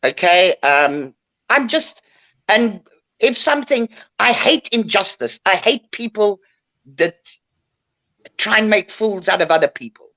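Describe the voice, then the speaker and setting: A woman's voice: medium pitch, expressive, unhurried, a bit bright, dry recording. An older woman talking bluntly and emotionally in a casual chat, calling in to a show. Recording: dull lo-fi line.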